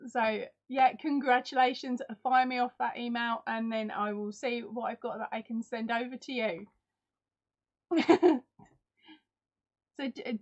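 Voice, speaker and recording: A chatty woman with an Essex accent hosts a live stream, calling viewers by name and poking fun at herself. Her voice sits a touch high. The sound is dull and lo-fi, like home streaming audio. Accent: Essex English. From Essex, England. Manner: chatty, self-deprecating, talks to viewers by name. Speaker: crochet channel host. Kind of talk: live-stream giveaway chat.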